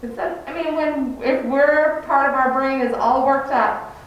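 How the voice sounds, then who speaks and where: In a big, very echoey indoor classroom, a woman who teaches kindergarten walks parents through her room in a loose, chatty manner full of fillers. She speaks high and unhurried, and the distant recording sounds dull, with a little noise underneath.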